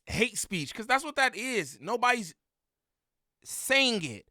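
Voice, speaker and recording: A man's voice: extremely high pitch, sing-song, a little slow, pushed and bright, no room sound, studio quality. A man giving blunt, slangy reaction commentary on a clip, getting heated.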